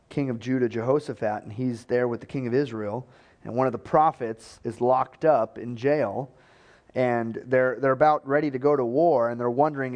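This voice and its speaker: A man's voice: mid-range voice, darkish tone. Man preaching a casual storytelling sermon. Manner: conversational storytelling, acting out quoted voices, chuckles.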